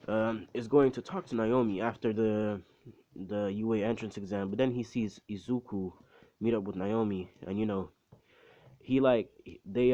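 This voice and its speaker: A man's voice: fairly low pitch, dark tone, highs cut off. A man casually retelling his own fan story in a loose, rambling way, full of slang and swearing. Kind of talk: casual spoken story recap.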